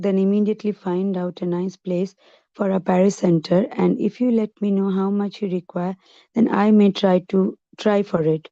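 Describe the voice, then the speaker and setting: A woman volunteer reading a letter aloud to a study group, steady and careful. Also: medium pitch, dry recording. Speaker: volunteer reader. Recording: dull lo-fi dry recording.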